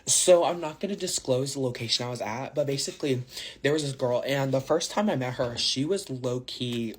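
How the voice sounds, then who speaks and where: A man's voice: mid-range voice, moderate pace, a little hiss or hum. A man telling a casual storytime to his followers, slangy and rambling, full of fillers. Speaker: social media storyteller.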